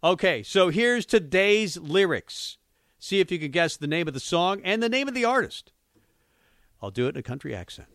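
A man's voice: high voice, very animated, normal speed, a bit bright, no room sound, clean studio sound. A man hosting a radio talk show, chatty and self-mocking, with lots of fillers. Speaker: radio sports talk host. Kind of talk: casual radio banter.

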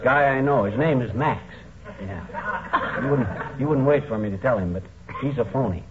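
An actor playing a boastful, blustering middle-aged husband with pompous speechifying, in a 1940s radio comedy. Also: male voice, medium pitch, lively intonation, moderate pace, natural voice. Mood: blustery. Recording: tinny old radio broadcast, faint hiss.

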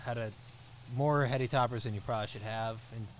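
Man co-host, mid-pitched, rambling storyteller, casual chat, faint noise behind. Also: steady tone, quick pace. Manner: rambling, laughing, lots of restarts. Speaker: podcast co-host.

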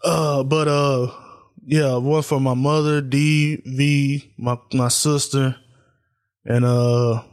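A man's voice: medium pitch, level tone, slow, clean tone. Candid, subdued man hosting a solo podcast. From Tennessee. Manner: loose and candid, many fillers like uh and man; subdued, reflective grieving tone. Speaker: podcast host. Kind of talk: solo casual podcast talk.

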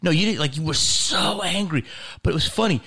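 Gravelly-voiced man telling a story. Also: high voice, a little fast. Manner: profane, animated, acts out quoted dialogue. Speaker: podcast host. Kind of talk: casual chat, storytelling.

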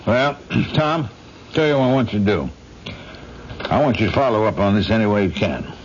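An actor playing a middle-aged corporate boss in a vintage radio drama, brisk and businesslike. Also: male voice, lowish voice, lively intonation, slightly rough. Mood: concerned. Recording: muffled old radio broadcast, faint hiss.

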